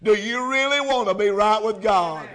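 A man preaching a revival sermon, shouting and rising to impassioned cries. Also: high voice, lively intonation, moderate pace.

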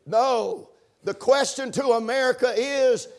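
A man preaching a sermon, punctuating his points with amens and building to shouted emphasis. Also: sits high, normal speed. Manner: preaching with call-and-response amens, rising to shouts. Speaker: pastor.

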